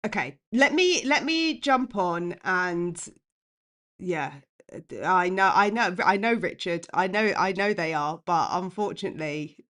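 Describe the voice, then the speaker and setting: A woman chats live to her viewers about her football club. She talks in a lively, impassioned way, reacting to comments as they come in. Her voice sits at an ordinary middle pitch for a woman. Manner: chatty and impassioned, reads chat aloud. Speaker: fan channel host. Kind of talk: live-stream fan chat.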